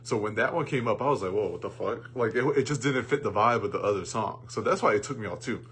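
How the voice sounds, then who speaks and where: Rambling, profane man with a low voice. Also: fast, breathy edge. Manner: rambling, profane, with many fillers and restarts; bursts into loud mocking jokes. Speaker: movie reviewer. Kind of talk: casual rant.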